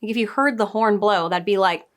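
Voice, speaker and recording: A woman giving a casual spoken review, chatty and digressive, often laughing and adding quick asides. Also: mid-range voice. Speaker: book and show reviewer.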